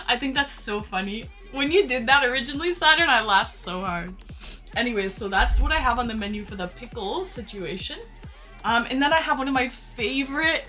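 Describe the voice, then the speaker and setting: A woman's voice: high voice, expressive, normal speed, sharp tone. A woman live-streaming, chatting casually with her viewers, greeting them by name and laughing a lot. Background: faint background music.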